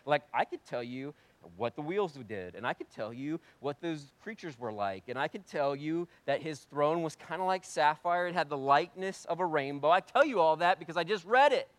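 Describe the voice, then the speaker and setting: A male pastor preaching a sermon, swinging between hushed and loud delivery and asking rhetorical questions he answers himself. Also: fairly high pitch, expressive, normal speed, few pauses, dry recording.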